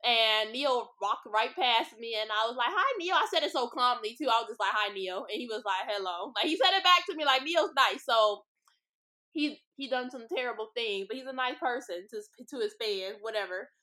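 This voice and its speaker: Bright-voiced, chatty young woman. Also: fairly high pitch, normal speed. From Los Angeles. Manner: chatty, blunt and profane, with lots of "like" and "y'all". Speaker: podcast host. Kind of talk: casual storytelling monologue. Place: street-side spot with passing cars.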